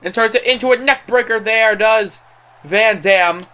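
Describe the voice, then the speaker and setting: This young man, sounding like a gaming channel host, narrates a video game wrestling bout in an excited announcer manner while keeping an unhurried pace. His voice is high and bright, and he fills pauses with ums and fixes his wording partway through sentences.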